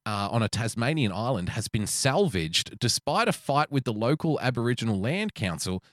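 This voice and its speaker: A man's voice: medium pitch, big pitch swings, normal speed, dry recording. Teasing Australian man, dry close sound. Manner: teasing, laughs often, swears. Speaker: podcast host. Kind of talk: casual chat, reading news.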